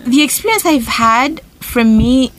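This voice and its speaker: A woman's voice: on the high side, animated, unhurried, slight background noise. A woman from Uganda, co-hosting a podcast and telling a personal story in a casual group chat, often asking "right?". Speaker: podcast co-host.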